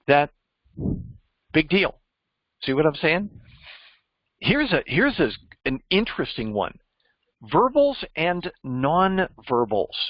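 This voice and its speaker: A man's voice: fairly high pitch, very animated, takes it slowly, long pauses, no room sound, lo-fi sound. Emphatic man coaching on interviews. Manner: emphatic, teacherly, quizzes listeners. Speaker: cybersecurity mentor. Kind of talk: coaching discussion.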